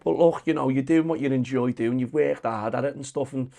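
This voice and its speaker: Brief: British podcast host, gravelly tone, relaxed cursing interviewer. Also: male voice, mid-range voice, fairly quick. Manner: profane, affirming backchannel. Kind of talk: casual interview chat.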